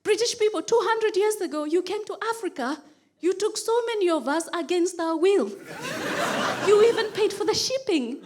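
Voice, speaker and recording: A stand-up set comes from a high-voiced Kenyan woman speaking at a moderate pace. Animated, she acts out others' voices before a laughing audience at a comedy club, captured in a live recording with laughter and noise.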